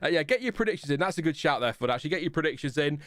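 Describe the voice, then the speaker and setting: A man's voice: on the high side, lively intonation, rapid-fire, a bit bright, no room sound, clean studio sound. A British man hosting a live race watchalong, chatting casually and joking as he reads viewer comments from his home streaming setup. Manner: chatty, joking, reads chat messages aloud. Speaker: livestream host.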